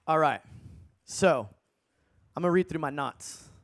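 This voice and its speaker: High-voiced man preaching, casual and animated. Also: a little slow. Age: 30s. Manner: casual storytelling with slang. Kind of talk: sermon.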